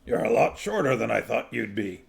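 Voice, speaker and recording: A man's voice: mid-range voice, sing-song, moderate pace, gravelly. A man reading aloud, voicing Bjorn, a newly dead male dwarf, in a plain, mildly puzzled way. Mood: bewildered. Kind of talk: audiobook reading.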